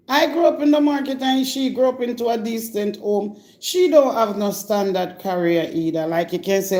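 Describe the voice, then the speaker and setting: A woman's voice: a little high, normal speed, hardly any pauses, a little mellow. A woman with a Jamaican accent hosting a live stream, delivering an indignant, confrontational rant straight at her target. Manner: scolding, indignant, addresses her target directly.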